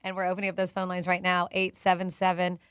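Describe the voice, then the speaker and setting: On a morning radio show, a woman co-host chats about the news and promotes a call-in contest, upbeat and quick to laugh. Her lowish voice is monotone and fast, picked up on a studio mic in the radio studio with some background noise.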